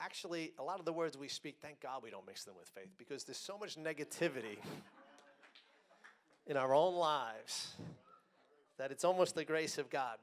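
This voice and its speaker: A man preaches a sermon in a voice on the high side, speaking emphatically, slowing on key words and swinging between loud and soft.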